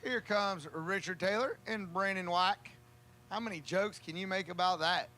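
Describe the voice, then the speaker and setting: High bright-voiced drag race announcer. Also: male voice, a little hiss or hum. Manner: joking, folksy, drawn-out calls. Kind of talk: drag racing commentary.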